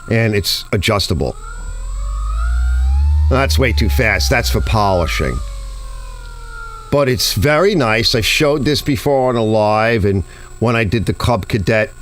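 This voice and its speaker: A man's voice: fairly low pitch, expressive, measured pace, long pauses, a bit bright, soft background music. A man hosting a garage channel, explaining cleaning chemicals and tools in blunt, casual shop talk with some swearing. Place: home garage workbench. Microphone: close mic he sometimes bumps.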